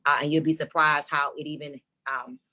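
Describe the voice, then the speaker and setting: A woman's voice: low voice, little pitch movement, fairly quick, bright, forceful tone. A woman giving earnest advice as a panelist.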